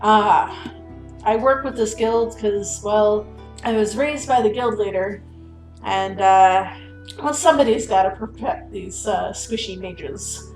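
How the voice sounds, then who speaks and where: A woman's voice: medium pitch, slow, roomy sound, music in the background, rough recording. A woman voicing a buff half-orc ranger who hunts the undead, speaking bluntly. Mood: matter-of-fact.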